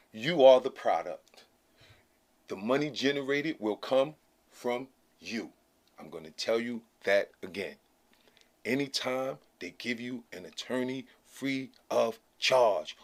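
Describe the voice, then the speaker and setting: A man hosting his own channel, talking casually to camera in a blunt, slangy, emphatic way that keeps checking in with "okay?". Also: mid-range voice. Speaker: channel host.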